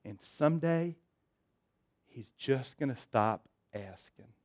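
A man preaching a sermon as pastor, swinging between loud emphatic stretches and soft, low, intimate ones. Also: animated, takes it slowly.

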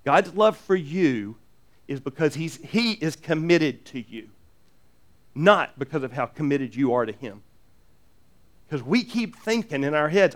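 Male pastor, high voice, lively sermon delivery with joking asides and frequent restarts. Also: a little slow. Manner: animated, earnest, jokey asides, frequent repeated restarts.

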